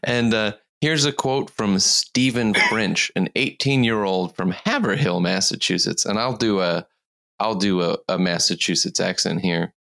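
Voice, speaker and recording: Giggly, slow-talking, tired podcast host. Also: sits low, vocal fry, a bit bright. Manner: giggly, rambling storyteller. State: tired from lack of sleep. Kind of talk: casual podcast chat.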